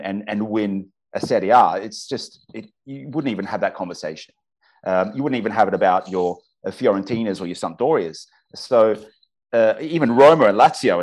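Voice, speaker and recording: A football commentator from Australia, speaking with an Australian accent and a fairly low pitch, chats enthusiastically on a casual podcast. He keeps breaking off and restarting his sentences.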